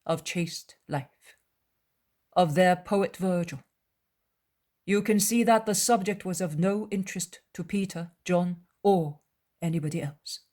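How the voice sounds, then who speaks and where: A calm, wise male teacher, voiced by a woman reading a dramatized audiobook. He speaks in a measured, earnest and gentle way. The voice stays low and unhurried. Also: natural voice.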